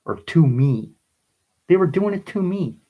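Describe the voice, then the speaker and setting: Guy venting into his camera, halting then angry and pleading, reading his own poem. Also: on the high side, lively intonation, highs cut off. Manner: agitated, pleading, rising to bursts of anger. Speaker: vlogger.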